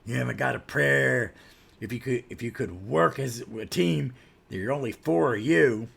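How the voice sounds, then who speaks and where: A man voicing a hulking undead male swamp brute, slow and mocking. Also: medium pitch, vocal fry, fairly bright tone, husky, heavily acted. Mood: menacing.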